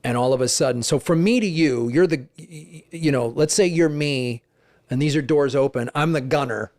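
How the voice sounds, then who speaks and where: A middle-aged man, a guest comedian, telling stories in conversation, animated and profane, acting out the dialogue. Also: on the high side, moderate pace, dry recording, clean studio sound. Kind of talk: conversational storytelling.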